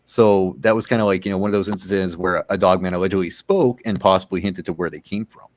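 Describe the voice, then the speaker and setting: A man's voice: low voice, steady tone, fast, a little hiss or hum. A man co-hosting a casual podcast, retelling stories with dry humor.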